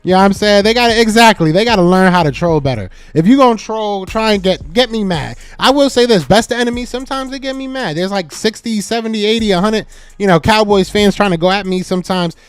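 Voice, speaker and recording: High-voiced man teasing his live chat. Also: quick pace, clean tone, no echo. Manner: teasing, repeats his jabs several times; animated, talks back to chat commenters. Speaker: podcast host. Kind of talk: live-stream sports talk answering chat.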